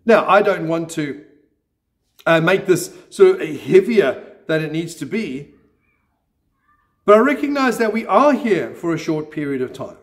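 High-voiced man preaching a sermon. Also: lively intonation, a little slow, pauses often. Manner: earnest preaching with gentle self-deprecating humor. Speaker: pastor. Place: church.

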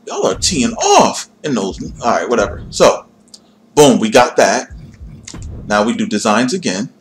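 A young man talks his livestream through a character build in a relaxed, rambling way. His voice swings widely up and down while he keeps a slow pace, joking at himself. A faint hiss sits under the recording. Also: mid-range voice. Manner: chatty, talks to chat while tinkering, self-deprecating. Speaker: gaming livestreamer. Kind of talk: casual livestream commentary.

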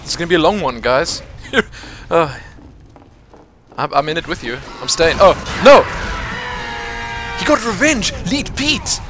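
A man casually commentating his own online shooter match, excitable and chatty, laughing often and calling out to teammates. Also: a little high, moderate pace, music in the background. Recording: noisy game audio under the voice.

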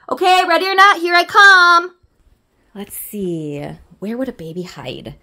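A woman's voice: sits high, huge pitch swings, slow pace, long pauses, sharp tone. A woman in her thirties, a mom doing playful pretend play with her child, fussing over her like a mother with a baby in a sing-song, exaggerated way. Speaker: mom in family kids' videos.

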